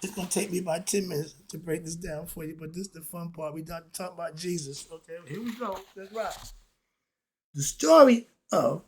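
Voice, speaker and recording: A man delivers a preachy spiritual lecture, putting questions to his listeners and answering them himself. His voice sits a bit high and sounds husky. He drops into quiet asides, then breaks into loud, excited bursts. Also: brisk. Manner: preachy, talks straight at the audience, asks and answers his own questions. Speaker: host.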